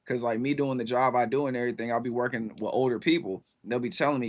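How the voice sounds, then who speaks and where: A man's voice: mid-range voice, fast talker, few pauses. Laid-back man chatting on a stream. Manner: laid-back, rambling, lots of fillers and slang. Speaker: livestream host. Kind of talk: casual chat with viewers.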